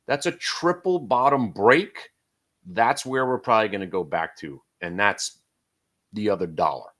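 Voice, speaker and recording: A middle-aged man hosts a day trading stream, delivering brash, joking live commentary. His voice sits on the low side and moves unhurriedly, its loudness rising and falling as he gets excited.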